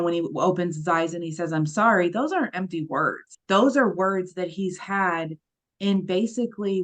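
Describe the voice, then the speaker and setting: A woman co-hosting a podcast, talking bluntly in casual chat and swearing at times. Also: lowish voice. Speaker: podcast co-host.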